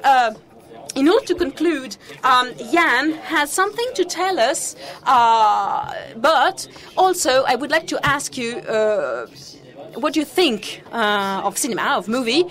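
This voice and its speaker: A woman with a very high voice chairs a conference panel. She puts her questions slowly and haltingly, searching for words with frequent fillers and false starts, on a stage mic. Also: expressive, fairly bright tone. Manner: hesitant, many fillers and restarts. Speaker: panel moderator.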